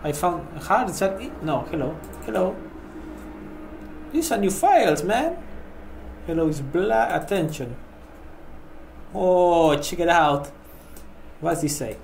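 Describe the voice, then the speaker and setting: A man's voice: on the high side, lively intonation, slow, gravelly, long pauses, darkish tone, rough recording. A man with a mock Transylvanian vampire accent, playing a horror game, speaking broken English and jumping to panicky yelps. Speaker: horror game let's-player as vampire host. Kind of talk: gaming commentary.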